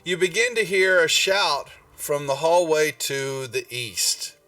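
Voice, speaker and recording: A man's voice: fairly high pitch, animated, sharp tone, no room sound. A man running a tabletop game, rambling as he searches his notes. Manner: slow, rambling, searching aloud through notes. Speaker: game master. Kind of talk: narrating a tabletop game on a live stream. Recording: distant mic, faint music behind.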